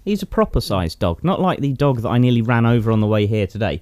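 A man's voice: mid-range voice, big pitch swings, fast talker, a little mellow, no echo. A man co-hosting a casual podcast, dry and sardonic, swearing freely. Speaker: podcast co-host. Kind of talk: casual banter.

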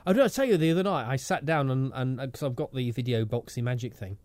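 A man's voice: mid-range voice, quick pace, a little mellow, dry recording. A man co-hosting a podcast, trading silly jokes in playful banter. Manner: playful, silly, slips into put-on voices. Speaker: podcast co-host. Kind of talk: joking banter.

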